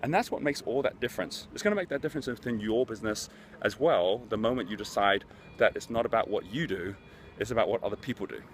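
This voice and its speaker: A middle-aged man hosts a motivational business talk, telling stories earnestly and conversationally. His voice is on the low side, animated and fast, with a little hiss or hum in the recording.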